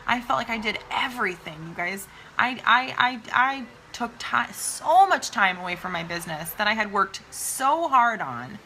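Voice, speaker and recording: A woman's voice: a little high, animated, normal speed, hardly any pauses, sharp tone, slight background noise. A woman giving a chatty, emphatic motivational talk to her followers, often calling them "you guys".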